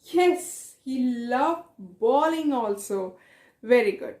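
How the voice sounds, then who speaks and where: Echoey, high-voiced woman teacher. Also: expressive, slow, darkish tone. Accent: South Asian English. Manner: reassuring, repeats questions and praises often. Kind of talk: classroom reading lesson.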